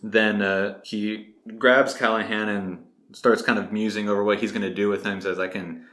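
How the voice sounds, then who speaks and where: Deep-voiced man recapping a book. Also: moderate pace, echoey room. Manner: relaxed, retelling the plot with filler words. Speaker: podcast co-host. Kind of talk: casual book discussion.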